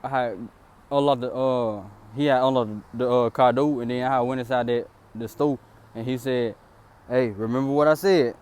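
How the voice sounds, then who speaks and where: A man's voice: steady tone, moderate pace, darkish tone, clear, resonant tone. A young man casually recounting a story outdoors in a rambling, repetitive way. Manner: rambling, repetitive "then boom" narration.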